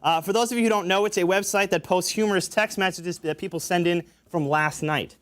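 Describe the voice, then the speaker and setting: A man's voice: high voice, a little fast, fairly bright tone. A young man hosting a college comedy show, joking through gag texts with many fillers. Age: young adult. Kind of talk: stand-up style show hosting. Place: college studio with audience.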